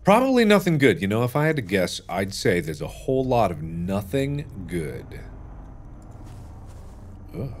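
Theatrical man playing a game out loud. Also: very animated, a little slow, long pauses. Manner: theatrical, jumps between loud shouts and low muttering. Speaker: gaming video host. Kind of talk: let's play commentary.

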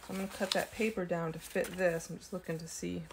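Against a noisy background, a woman with a fairly low, gravelly voice talks fairly quickly in a level tone. She's chatting through a relaxed craft tutorial at her desk, thinking out loud with frequent ums and little laughs.

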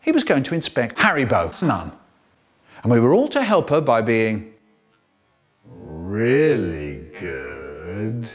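A man, telling comic stories in an expressive, animated way. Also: medium pitch, moderate pace, soft background music. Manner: expressive, animated, swooping delivery. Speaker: storyteller. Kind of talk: comic storytelling, spliced edit.

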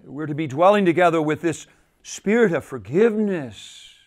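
A male pastor preaching a sermon at a men's retreat, repeating phrases and swinging between soft and loud for emphasis. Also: lively intonation, moderate pace. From United States. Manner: repeats phrases, rises and falls in pitch and volume for emphasis.

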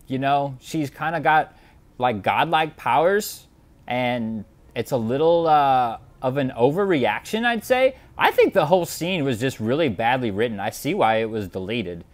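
Swooping, sarcastic male commentator. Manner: mock-outraged, sarcastic, swooping pitch. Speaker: YouTube commentator. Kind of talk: satirical reaction commentary.

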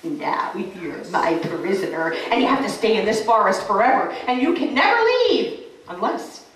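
A woman voicing a cruel, wicked elf queen in a children's storybook tale, speaking low and menacing. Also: very animated, moderate pace, slight background noise, close to an everyday voice. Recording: echoey room, mic far off.

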